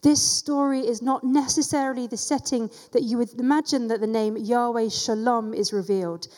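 A woman teaches scripture in a relaxed, conversational sermon and drops casual asides along the way. Her voice is warm and mellow. The sound rings out with a long reverb, as in a large hall. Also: fairly high pitch, normal speed. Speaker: church teacher.

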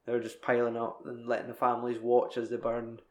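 A young man tells a film's story in a loose, sweary ramble. His voice sits at an ordinary middle pitch and rings around an echoey room. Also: monotone, fairly quick. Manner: rambling, sweary film recap. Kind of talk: casual chat.

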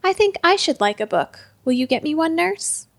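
A woman voicing an eager, cheerful young boy king in a storybook reading, asking bright questions. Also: very high-pitched, very animated, moderate pace, dry recording, voice pushed up, full character voice.

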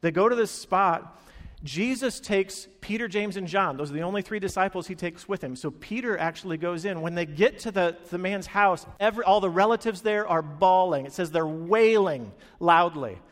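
A man's voice: sits high, moderate pace. A man preaching a sermon, telling the story with animation and acting out the quoted lines. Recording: long hall reverb.

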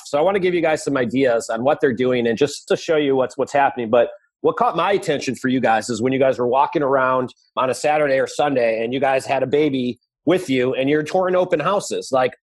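A man's voice: medium pitch, husky. A man hosting a casual podcast interview, blunt and swearing now and then. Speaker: podcast host.

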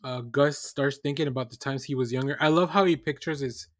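A man's voice: mid-range voice, no echo, studio quality. A man co-hosting a podcast, chatting casually about a TV episode with frequent restarts and fillers. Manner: halting, many restarts and fillers. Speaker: podcast co-host. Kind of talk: casual recap chat.

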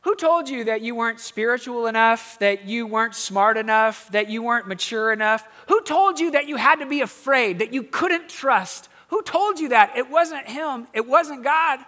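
A pastor preaching a sermon in a conversational way, with quiet asides and emphatic rising questions. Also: male voice, very high-pitched, moderate pace, few pauses.

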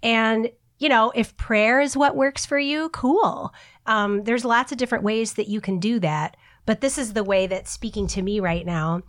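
A middle-aged woman co-hosting a podcast in casual chat, animated and laughing often, swearing freely, with a cough. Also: a little high, moderate pace. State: has a cough. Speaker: podcast co-host.

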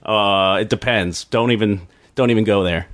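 A man's voice: lowish voice, normal speed, fairly bright tone, no echo. A man co-hosting a casual podcast chat, joking, self-deprecating and laughing often. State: overheated in a hot house. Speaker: podcast co-host.

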